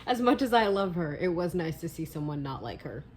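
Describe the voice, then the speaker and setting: Young woman reacting loudly to a book. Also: on the low side, animated, brisk, slight background noise, rough recording. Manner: emotional, swearing, swings between quiet and loud outbursts. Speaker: book vlogger. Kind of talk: reading vlog reactions.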